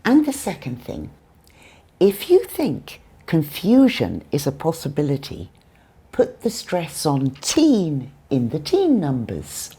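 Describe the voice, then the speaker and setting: A woman with a British accent teaching English pronunciation in a scripted lesson, saying numbers clearly and deliberately. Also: low-pitched, wildly swooping pitch, mellow. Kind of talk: scripted lesson with acted skits.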